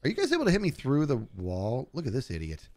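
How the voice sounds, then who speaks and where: A man's voice: medium pitch, fast talker. A man live-streaming a video game, chatting casually and joking at the enemies on screen as he plays. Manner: animated, jokey, talks to game enemies. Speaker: gaming streamer.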